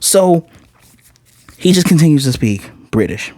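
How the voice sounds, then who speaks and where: A man's voice: on the high side, sing-song, unhurried, dark tone, dry recording. Midwest guy ranting about a tv show, blunt and all over the place, voice jumps around a lot, dry sound. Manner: rambling, blunt, with frequent asides and self-corrections. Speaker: TV reviewer. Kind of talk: casual spoken review.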